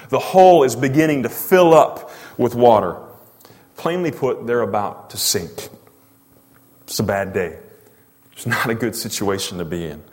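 A male pastor preaching a sermon, emphatic and full of rhetorical questions to the congregation. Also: mid-range voice. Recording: long reverb of a large hall.

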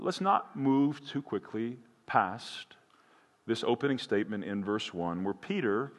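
A man preaching a sermon as pastor, earnest and building to impassioned emphasis. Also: fairly low pitch. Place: church sanctuary. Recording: long hall reverb.

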